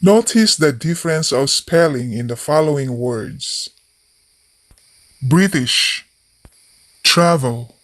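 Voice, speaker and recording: Slow, measured man reading word lists. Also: on the high side, animated, a bit bright, a little hiss or hum. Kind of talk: slow scripted lesson narration.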